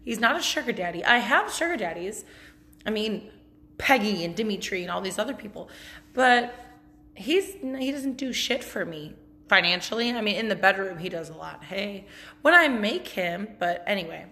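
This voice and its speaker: A woman's voice: mid-range voice, lively intonation, normal speed, bright, forceful tone. A woman hosting a podcast, telling a story in a blunt, chatty, profane way and laughing often. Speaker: podcast host. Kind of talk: casual storytelling monologue.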